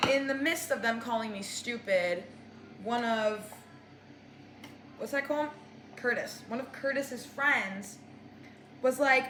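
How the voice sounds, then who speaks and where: A young woman in her twenties, a vlogger, tells a storytime rant, chatty and exasperated, sprinkling "like" everywhere. Her voice is medium-pitched and fairly bright, with a little hiss or hum, in an echoey room where dishes and cutlery clatter.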